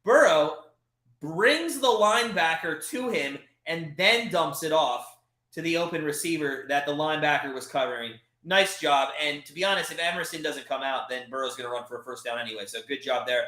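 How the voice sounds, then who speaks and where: A man's voice: a little high, normal speed, roomy sound. A man hosting a live watch party, calling the plays as a frustrated fan and breaking into exasperated outbursts. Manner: frustrated, animated, swings from calm play calls to exasperated outbursts. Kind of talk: live play-by-play fan commentary.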